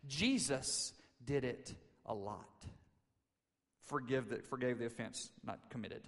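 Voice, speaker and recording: A man preaching a sermon, retelling a story casually in quoted voices and rising to loud, emphatic peaks. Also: mid-range voice, animated, moderate pace. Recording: long reverb of a large hall.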